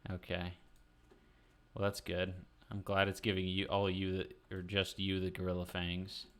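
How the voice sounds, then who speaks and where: A man's voice: deep voice, monotone, moderate pace. A man streamer chatting casually while gaming, teasing with crude banter.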